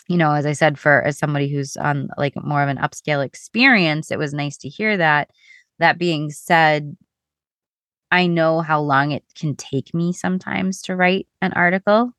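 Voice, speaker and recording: Woman podcast co-host, deep voice, dry sound, talks in loose rambling stretches. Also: a bit bright, no echo. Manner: chatty, rambling, many restarts. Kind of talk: casual podcast chat.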